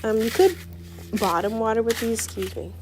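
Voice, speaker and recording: A woman's voice: a little high, moderate pace, background noise. Jumpy, swearing woman streamer outdoors. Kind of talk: casual gardening vlog chat. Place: outdoors in a garden. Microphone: camera on a tripod.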